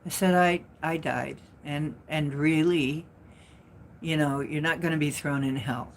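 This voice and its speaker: A woman hosts a live stream and talks slowly and casually to her viewers. She rambles and restarts, tacking asides onto her story. Her voice sits on the low side, and she takes her time. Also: fairly even intonation, a little hiss or hum. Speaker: livestream host and spiritual speaker.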